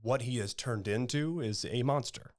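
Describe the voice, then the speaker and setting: A man's voice: medium pitch, normal speed. A man stage actor talking in an interview, thoughtful and hesitant with many fillers. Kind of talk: casual interview chat.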